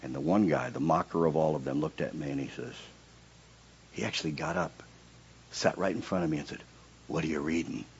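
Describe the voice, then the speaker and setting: A man preaching his personal testimony in a sermon, his voice swinging from quiet and low in narration to high, loud outbursts in the reenacted prayers. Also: lively intonation, a little fast, vocal fry, dull audio, slight background noise.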